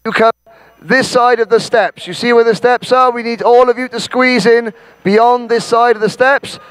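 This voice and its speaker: High-voiced Welsh man directing a crowd. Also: smooth. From Wales. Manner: bossy, joking, shouts out names. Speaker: event host. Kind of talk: directing a crowd and calling a roll.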